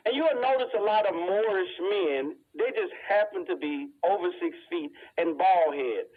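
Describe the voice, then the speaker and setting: Casting: blunt, lecturing man with a fairly high voice, on a tinny, phone-like recording. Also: sing-song, moderate pace. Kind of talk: casual monologue.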